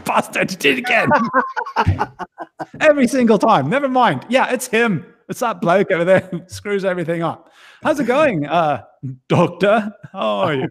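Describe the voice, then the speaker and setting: A man chats loosely on a stream, talking in a fairly high voice with a gravelly edge of vocal fry. He rambles, jokes and teases his co-host. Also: expressive, normal speed, fairly bright tone. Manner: jokey, rambling, teasing co-host. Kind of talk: casual banter on a livestream.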